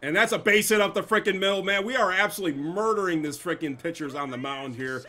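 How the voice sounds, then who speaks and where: A young man giving casual, excitable gameplay commentary, cursing and trash-talking the opponents. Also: high voice, fast. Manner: excitable, profane trash talk. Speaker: gameplay streamer.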